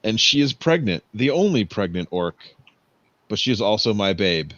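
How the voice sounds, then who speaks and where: A man's voice: fairly low pitch, very animated, moderate pace, a bit bright, dry recording. A man playing a tabletop game, making mock-grand joking speeches in character. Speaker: player. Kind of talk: in-character tabletop role-play. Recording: dry, dull lo-fi stream audio.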